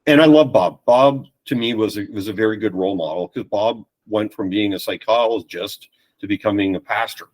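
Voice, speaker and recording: A man's voice: on the low side, fairly quick, rough recording. A man, a podcast guest telling stories in casual chat and acting out other people's lines. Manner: animated anecdotes with quoted voices.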